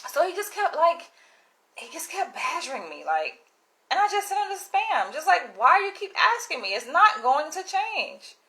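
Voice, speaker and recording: Bright-voiced blunt woman ranting. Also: very high-pitched, normal speed, low-quality recording. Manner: exasperated, blunt and animated, with profanity. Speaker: YouTuber. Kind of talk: casual vlog rant.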